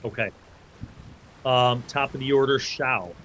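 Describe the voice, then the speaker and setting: A man's voice: medium pitch, unhurried, a bit bright, slight background noise. Rambling male game master. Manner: rambling, many fillers and restarts. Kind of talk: narrating a tabletop game.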